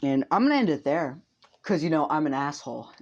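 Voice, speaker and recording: A man's voice: fairly high pitch, lively intonation, a little fast, dull audio. A young man casually improvising a fan story, rambling with fillers, laughs and swearing.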